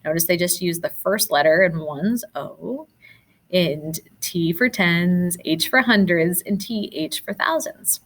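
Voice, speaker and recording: A woman's voice: fairly low pitch, animated, measured pace. A woman teacher going patiently through worksheet answers step by step, encouraging her pupils as she explains. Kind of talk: recorded classroom lesson.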